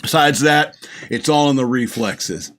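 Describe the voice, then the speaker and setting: A man's voice: medium pitch, measured pace, a bit bright. Rambling, laughing male podcast host. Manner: rambling and gushing, laughs often, acts out movie lines. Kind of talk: casual movie review chat.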